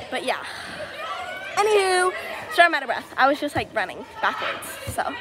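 A woman with a high voice chats on a walking podcast, hamming up every complaint in a playful, mock-dramatic way. She is recorded outdoors on a busy street with plenty of crowd chatter behind her. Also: big pitch swings, brisk, noisy background. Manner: playful, over-dramatic joking. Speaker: podcast co-host. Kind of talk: casual podcast chat while walking.

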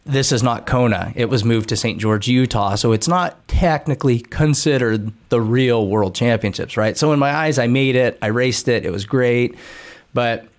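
A man in his thirties speaking as a guest on a podcast, his voice sitting at an ordinary middle pitch. He talks earnestly and reflectively, circling back and restarting sentences as he works out his thoughts. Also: moderate pace. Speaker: guest, endurance coach. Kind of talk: conversational podcast interview.

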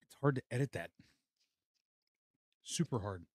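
A man's voice: medium pitch, lively intonation, a little slow, darkish tone, breathy edge, no echo, studio quality. A man hosting a casual podcast chat, laid-back and swearing freely. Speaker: podcast host. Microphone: studio mic.

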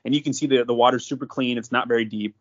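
A man's voice: medium pitch, fairly even intonation, quick pace, muffled recording. A man hosting a podcast, telling a long story in casual chat, packed with "like" and restarts. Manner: rambling, filler-heavy, lots of "like". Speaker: podcast host.

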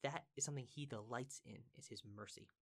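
A man's voice: medium pitch, a little fast. Earnest, emphatic male Bible teacher. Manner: earnest and emphatic, repeats words for stress; conversational, asks listeners questions.

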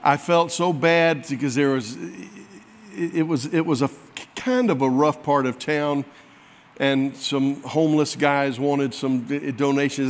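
A man's voice: on the high side, unhurried. A man preaching a sermon, telling a folksy, self-mocking story to his congregation. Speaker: pastor. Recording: long hall reverb.

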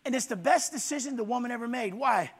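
A man preaching a fiery sermon in church, swinging from low intense murmurs to loud shouts. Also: lively intonation, quick pace, slightly rough.

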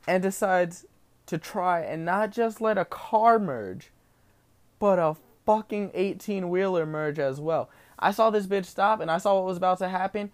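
Profane, animated young man from New Jersey. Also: fairly high pitch, unhurried. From New Jersey, USA. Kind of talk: casual storytelling rant.

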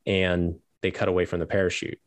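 A middle-aged man with a low voice tells his story as a guest on an interview show. He rambles, restarts his sentences and laughs now and then. The sound is dry, with no room echo. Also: level tone, a little fast. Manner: rambling, self-correcting, laughs as he tells stories.

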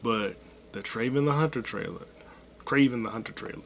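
A podcast host rambles alone on his own show, speaking briskly at medium pitch over slight background noise. He swears a lot and tosses off casual, self-deprecating jokes.

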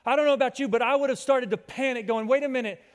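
High-voiced preacher in an echoing hall. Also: male voice, steady tone, quick pace. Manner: fervent preaching, swinging from loud calls to hushed lines. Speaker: pastor. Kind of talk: sermon. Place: church hall with long reverb. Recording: reverberant church hall.

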